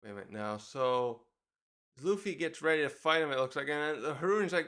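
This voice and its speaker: A man talking through a comic chapter in a loose, casual review. His voice is bright and sits fairly high. He rambles and corrects himself often as he reads the panels aloud. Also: expressive, brisk, clear, resonant tone. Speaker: manga reviewer.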